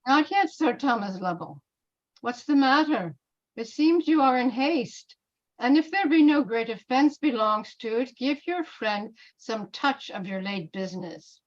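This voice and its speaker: A woman reading the part of a scheming male bishop in an amateur Shakespeare reading, with slow, deliberate verse delivery. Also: on the high side, animated, highs cut off. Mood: probing. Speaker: reader in a play reading.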